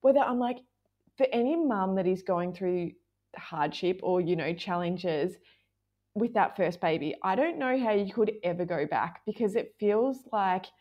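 A woman's voice: mid-range voice, lively intonation, unhurried, lo-fi sound. A woman hosting a parenting podcast, speaking in an enthusiastic, supportive way. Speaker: podcast host. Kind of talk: casual chat.

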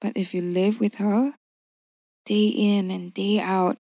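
A woman voicing a gruff but patient older father in a narrated story, in low, measured tones. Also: fairly even intonation, dark tone, no room sound, clean studio sound. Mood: low, confiding.

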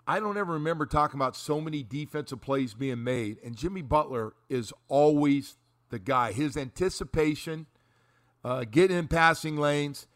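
A man hosting a sports talk radio show, talking through a game in an animated, rambling way and repeating his words. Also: on the high side.

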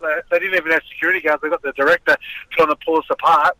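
A man's voice: a little high, rapid-fire, no echo, rough recording. A middle-aged man in a casual interview, telling rambling stories about his boxing past with a lot of swearing. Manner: swearing, rambling, animated storyteller. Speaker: former boxer, guest.

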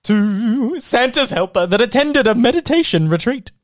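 A man's voice: very high-pitched, lively intonation, moderate pace. A man on a comedy podcast voicing a corny, self-satisfied joke teller who caps each pun with a sing-song catchphrase. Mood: gleeful. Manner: punchlines followed by a sing-song "boy, boy, boy" catchphrase. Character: corny young man telling Christmas puns, pleased with himself. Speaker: podcast co-host in a comedy bit. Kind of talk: improvised comedy podcast bit.

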